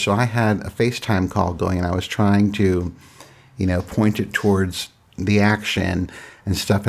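A middle-aged man casually recounting a personal story in a halting, reflective way, often restarting his sentences. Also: low voice.

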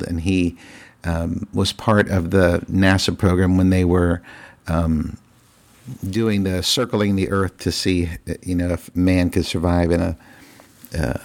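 Man, very low voice, casual vlog storytelling, rambling, fillers, chuckles. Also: darkish tone. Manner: rambling, with many fillers and restarts, laughing at own stories. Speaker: vlogger.

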